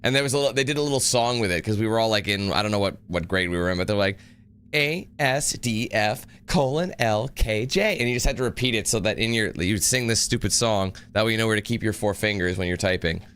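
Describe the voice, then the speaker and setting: A man's voice: lowish voice, racing, hardly any pauses, fairly bright tone, clear, resonant tone. A young man giving casual, rambling gameplay commentary, greeting viewers and laughing easily. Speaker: gaming YouTuber. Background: music.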